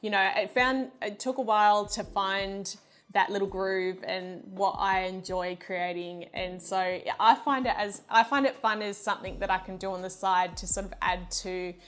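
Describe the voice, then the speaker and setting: An Australian woman from Western Australia talks in a relaxed, lighthearted way, filling her answers with ums and you knows. She sounds like a guest in a casual online interview about her hobby. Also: mid-range voice, moderate pace. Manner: chatty, lighthearted, many fillers. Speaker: guest, reef aquarium YouTuber. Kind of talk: casual video-call interview.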